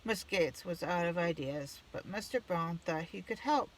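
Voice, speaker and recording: A storyteller reading a children's picture book aloud in plain, steady narration. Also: mid-range voice, normal speed.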